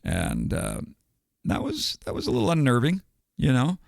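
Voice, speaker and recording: A man's voice: mid-range voice, wildly swooping pitch, normal speed, creaky, dry recording, clean studio sound. An older man from the United States, a podcast guest telling a long story in a rambling, digressive way and chuckling between details. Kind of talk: casual storytelling.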